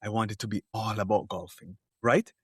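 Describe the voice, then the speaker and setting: A man as a podcast guest, talking in an animated, emphatic way and telling stories from the cruise world. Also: on the low side, fairly quick, slightly rough, no room sound, clean studio sound. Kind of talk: podcast interview.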